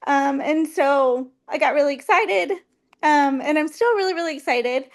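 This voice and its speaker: Woman guest, very high voice, halting testimony full of ums. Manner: hesitant, full of ums, heartfelt. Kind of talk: personal testimony.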